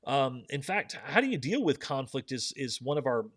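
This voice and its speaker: A man's voice: mid-range voice, big pitch swings, moderate pace, fairly bright tone, dry recording. Earnest man leading a book discussion. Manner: earnest, poses questions to listeners. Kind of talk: live book discussion with scripture readings.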